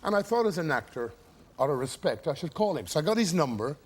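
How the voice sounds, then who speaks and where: A man's voice: on the high side, very animated, quick pace, breathy edge. A man telling a rambling anecdote as a guest on a talk show. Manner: rambling, roundabout storytelling.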